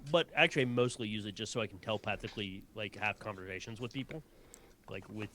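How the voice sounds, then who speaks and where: A man's voice: fairly low pitch, fast, pushed and bright, a little hiss or hum. A man playing a tabletop game, explaining rules and speaking in an earnest, reassuring way. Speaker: player.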